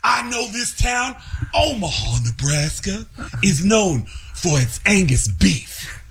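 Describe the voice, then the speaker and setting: A man impersonating a showy male rock frontman, booming drawn-out announcements to a stage crowd. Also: sing-song, fairly bright tone, a little hiss or hum, exaggerated voice. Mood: bellowing.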